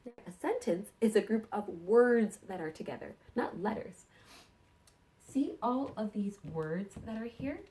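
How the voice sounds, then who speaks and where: Slow, lively-voiced woman teaching small children. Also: medium pitch. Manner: slow, sing-song and encouraging, talking to small children. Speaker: kindergarten teacher. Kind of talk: teaching sight words to young children.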